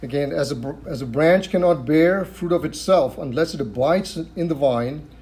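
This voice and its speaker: Man, preacher, teaching sermon, slightly high pitch, warm dark tone, repeats for emphasis. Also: moderate pace. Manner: repeats phrases for emphasis, asks rhetorical questions.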